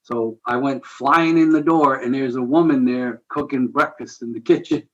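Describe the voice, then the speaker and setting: A man's voice: medium pitch, normal speed, muffled recording. Earnest man telling his story. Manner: earnest, conversational, animated retelling with chuckles. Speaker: guest, ministry founder. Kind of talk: personal storytelling in a podcast interview.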